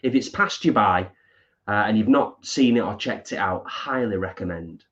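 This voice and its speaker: A man's voice: lowish voice, moderate pace, a bit bright. A man co-hosting a live stream, chatting casually and reading out viewer comments. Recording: dull lo-fi stream audio.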